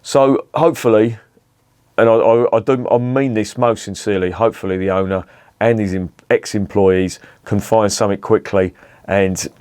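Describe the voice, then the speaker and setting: Middle-aged london bloke, low voice, blunt rambling beer chat, swears a lot, dry sound. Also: male voice, steady tone, moderate pace, darkish tone, smooth, no room sound. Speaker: beer reviewer. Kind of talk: casual vlog chat.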